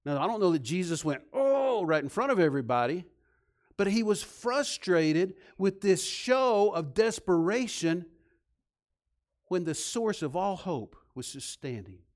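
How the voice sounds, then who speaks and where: Male pastor, slightly high voice, emphatic sermon delivery that drops to near-quiet. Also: lively intonation, a little slow. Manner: swings from loud emphatic to soft and low.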